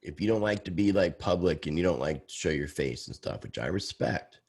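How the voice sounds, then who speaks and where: A man's voice: sits low, animated, brisk, a little mellow, husky. A man guesting on a podcast, talking casually with a sarcastic, teasing manner. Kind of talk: casual chat.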